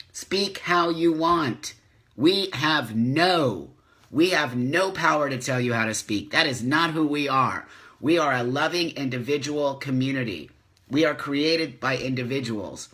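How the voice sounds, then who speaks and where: Pitched on the high side, this fifty-something man's voice sounds pushed and bright as he hosts a motivational live stream. With real passion, he preaches, hammers home repeated lines and throws in some swearing, all picked up by a phone or webcam.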